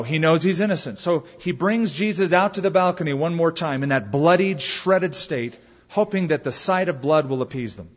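A man's voice: a little high, slightly rough. Man preaching in a reverberant hall. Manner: dramatic storytelling, rhetorical questions. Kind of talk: sermon. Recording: dull reverberant hall recording.

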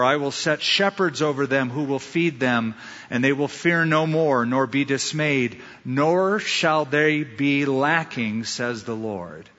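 A pastor with a slightly high, a bit bright voice preaches a sermon, telling stories emphatically and repeating lines. The sound is dull, in a large reverberant hall.

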